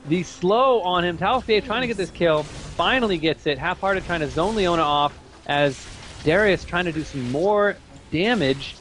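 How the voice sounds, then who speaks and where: A man giving steady play-by-play commentary on a competitive video game match. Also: sits high, slight background noise. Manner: rapid, steady play-by-play calling. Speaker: esports commentator.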